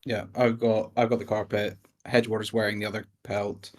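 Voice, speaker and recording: A man at a tabletop game, talking through his plans out loud. His voice sits fairly low and stays casual and easygoing throughout. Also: flat delivery, brisk. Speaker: player.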